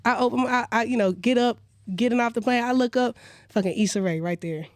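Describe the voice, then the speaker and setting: Woman guest in a casual interview, swearing a lot, talks fast, dry close sound. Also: a little high, no echo. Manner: animated, profane, quick storytelling. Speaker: singer-songwriter guest.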